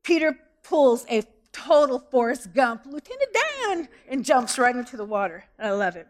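A woman pastor preaching a sermon with animated delivery, asking the congregation many questions. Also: a little high, normal speed.

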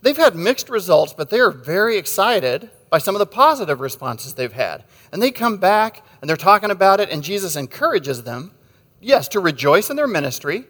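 A man's voice: sits high, big pitch swings, moderate pace, fairly bright tone, big-room sound. A man preaching a sermon in a conversational, wry way, telling stories with jokes and asides. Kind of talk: sermon with storytelling.

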